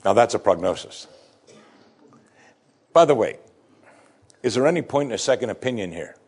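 A man preaching a sermon, reading scripture with rising emphasis and dropping low and soft to reflect on it. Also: animated, normal speed, slightly rough. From United States. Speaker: pastor.

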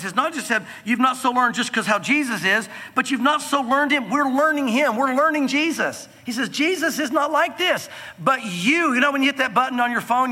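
A man preaching a sermon from the pulpit, earnest and emphatic, slowing down to stress key phrases. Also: very high-pitched, pushed and bright, in a large hall. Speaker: pastor.

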